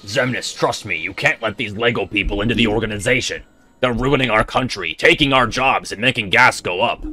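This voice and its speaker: A man's voice: on the low side, fairly quick, bright, forceful tone, faint music behind. A man voicing a villain underling ranting to his boss in a mock-serious tone. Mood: sneering. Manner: mock-serious bigoted rant.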